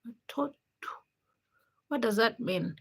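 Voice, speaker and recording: A woman's voice: on the high side, lively intonation, takes it slowly, vocal fry, breathy edge. A woman from Uganda, chatting casually on her livestream, greeting viewers by name and teasing them. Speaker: livestream host. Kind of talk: casual live stream chat reading viewer comments.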